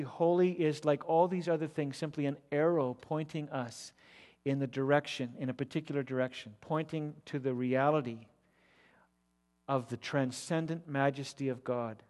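A man preaching an expository sermon, emphatic and rising to loud declamation when he repeats words. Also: medium pitch. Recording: long reverb of a large hall.

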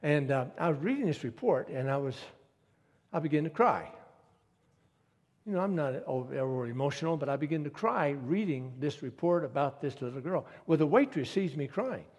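Male preacher, sermon, storytelling, husky voice, slightly high pitch, long hall reverb. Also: animated, normal speed, a little mellow. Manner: storytelling, rising to emphatic appeals.

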